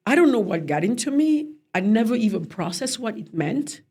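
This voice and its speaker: A woman's voice: fairly high pitch, moderate pace, slightly rough. A woman, a guest in an interview, telling a personal story in casual conversation and acting out the voices of people she quotes. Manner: animated, acts out quoted voices.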